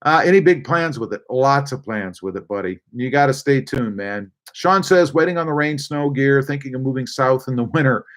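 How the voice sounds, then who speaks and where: A man's voice: mid-range voice, moderate pace, few pauses, fairly bright tone. A man hosting a casual live stream, reading viewer chat aloud with many fillers and hesitations. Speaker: livestream host.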